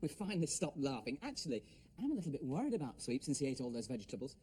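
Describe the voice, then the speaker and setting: A man's voice: mid-range voice, sing-song, very fast, over loud music. A man presenting a children's TV show, playful and often breaking into laughter. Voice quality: playful, laughs at his own jokes. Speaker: children's TV host.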